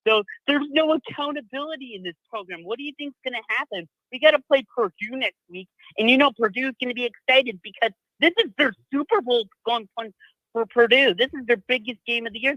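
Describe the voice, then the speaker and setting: Dude calling in to complain, high sharp voice, dry close sound. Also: male voice, brisk, no room sound, low-quality recording. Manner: blunt, complaining. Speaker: caller. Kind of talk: phone call-in.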